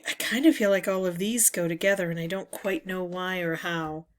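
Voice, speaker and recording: A woman hosting a word puzzle video, musing slowly as she reads the words aloud one by one. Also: fairly low pitch, steady tone. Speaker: word game video host. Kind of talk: casual puzzle talkthrough.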